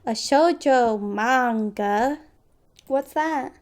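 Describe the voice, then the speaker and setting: A woman's voice: a little high, extremely slow. A woman voicing a shy, flustered young woman who stammers and rambles eagerly in a game.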